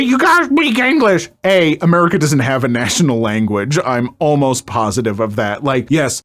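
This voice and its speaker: Animated, higher-pitched male story narrator. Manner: lively reading that turns to ranting, filler-heavy asides. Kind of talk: reading online stories aloud with commentary.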